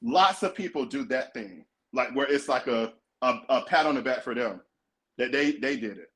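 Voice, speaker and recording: A man's voice: mid-range voice, expressive, moderate pace, a bit bright. A man co-hosting a podcast, talking earnestly and emphatically in casual chat. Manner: earnest, emphatic, acts out quoted voices. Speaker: podcast co-host.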